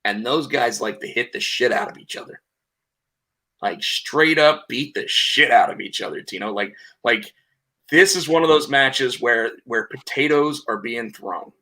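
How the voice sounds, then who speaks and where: A man with a bright, forceful voice chatting casually on a podcast. He rambles through a retelling, stumbling and repeating words as he goes, pitched at an ordinary middle level. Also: unhurried. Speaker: podcast co-host. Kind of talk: casual chat, recapping wrestling.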